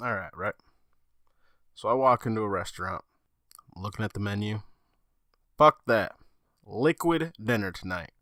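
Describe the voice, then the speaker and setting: A man's voice: fairly low pitch, expressive, normal speed, long pauses, fairly bright tone, no room sound, studio quality. A man on a gaming podcast, telling a story in casual chat and swearing freely. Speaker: podcast co-host.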